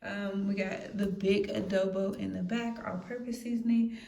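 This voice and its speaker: A woman's voice: mid-range voice, flat delivery, moderate pace, vocal fry, mellow. A woman, chatting casually with lots of fillers as she vlogs her errands. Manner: chatty, loose and conversational with many fillers. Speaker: vlogger. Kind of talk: casual vlog chat. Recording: noisy background.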